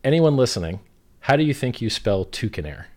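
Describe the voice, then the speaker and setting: A man's voice: medium pitch, very animated, fairly quick, darkish tone. A man in casual podcast chat about crypto, blunt and emphatic, swearing freely.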